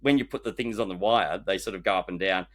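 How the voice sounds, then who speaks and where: A man telling stories as a guest in a casual chat, lively and full of restarts. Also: low-pitched, quick pace. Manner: animated storyteller with frequent restarts. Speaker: guest, former reality-show builder.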